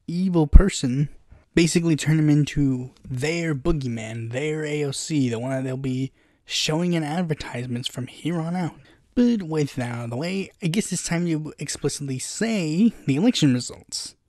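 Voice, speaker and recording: Animated sarcastic young man, dry sound. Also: fairly high pitch, no echo. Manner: animated and sarcastic, full of fillers. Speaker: political podcast host. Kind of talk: casual political commentary.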